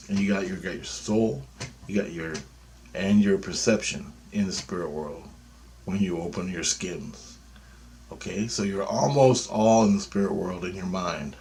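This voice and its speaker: Man with a lowish voice, casual vlog monologue, profane and meandering. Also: a little mellow, a little hiss or hum. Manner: loose, profane, meandering storytelling. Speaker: vlogger.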